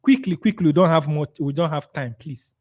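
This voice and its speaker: A man's voice: a little high, a little fast. A man with a Nigerian accent running a live sales training webinar, reading out viewers' answers and role-playing replies to clients. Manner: energetic, reads chat comments aloud, role-plays client replies.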